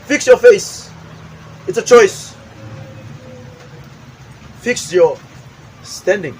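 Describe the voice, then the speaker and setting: High-voiced emphatic motivational speaker man. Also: expressive, very slow, a little mellow, a little hiss or hum, rough recording. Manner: emphatic, repetitive, acts out examples. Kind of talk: motivational talk with acted demonstrations.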